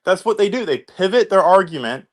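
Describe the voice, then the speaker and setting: A man's voice: high voice, expressive, brisk. A man co-hosting a reaction show, chatting casually and giving opinions. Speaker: co-host reacting to a video.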